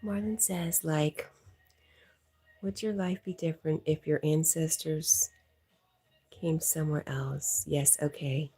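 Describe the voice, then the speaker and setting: A woman's voice: low-pitched, fairly even intonation, takes it slowly, long pauses, mellow, breathy edge. A woman hosting a livestream, chatting casually and teasing as she reads viewer comments aloud, laughing often. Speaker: livestream host.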